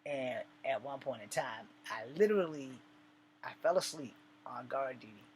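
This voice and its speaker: A man's voice: medium pitch, animated, normal speed, a little hiss or hum. A man casually telling an army story in a loose, profane, laid-back way.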